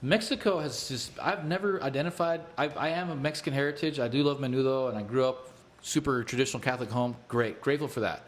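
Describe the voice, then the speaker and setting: A man's voice: mid-range voice, fast talker. Blunt, outspoken man co-hosting a talk show. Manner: blunt, outspoken, stammers into points. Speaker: co-host. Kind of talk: casual political talk show chat.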